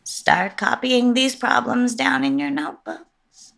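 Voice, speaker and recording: A woman plays a feral, unpredictable substitute teacher in an audio horror tale, hissing slow threats in a gravelly, sharp-edged voice that swoops from low murmurs to high snaps. She drags out her words, and music runs beneath her. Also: sing-song, exaggerated voice. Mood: stern. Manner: hushed, threatening whispers that flare into sudden shouts. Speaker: voice actor.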